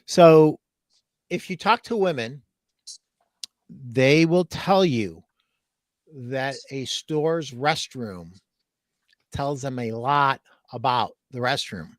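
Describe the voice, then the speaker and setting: A man hosting a podcast, telling a funny story in a lively way and laughing as he goes. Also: medium pitch, slow pace, long pauses, no room sound, clean studio sound. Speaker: podcast host. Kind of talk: casual storytelling.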